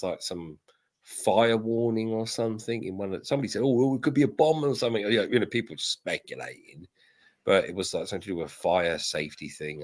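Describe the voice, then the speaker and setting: A man's voice: sits low, slightly rough. A man hosting a casual chat, rambling and laughing easily. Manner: chatty, rambling, laughs often.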